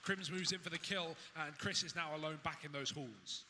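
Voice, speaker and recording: High-voiced male esports play-by-play caster. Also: in a large hall, slight background noise. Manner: rapid excitable play-by-play. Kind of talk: play-by-play commentary.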